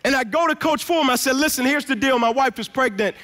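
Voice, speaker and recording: High, bright-voiced man preaching a story. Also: fast talker. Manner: emphatic storyteller, acts out quoted dialogue. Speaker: guest speaker. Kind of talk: motivational sermon storytelling. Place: church.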